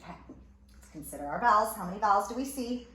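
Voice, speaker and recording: A woman's voice: mid-range voice, lively intonation, quick pace, bright, forceful tone. A woman teacher giving a recorded phonics lesson, sounding out letters and word parts one at a time. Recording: echoey room with faint ambient noise.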